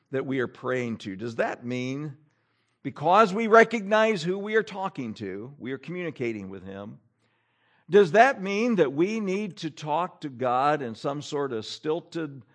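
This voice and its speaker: Lively preaching man, pastor. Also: sits high. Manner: animated preaching with rhetorical questions and repetition. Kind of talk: sermon. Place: church.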